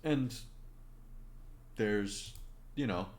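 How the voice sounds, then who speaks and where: A man narrating as game master of a tabletop game, halting with many fillers. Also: on the low side.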